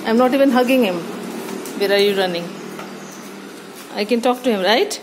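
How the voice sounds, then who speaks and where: A woman with a high voice coaxes and teases her pet dog in a home video, falling into baby talk. Steady background noise runs under the phone recording. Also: normal speed, long pauses. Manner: coaxing, playful, talks to the dog like a baby.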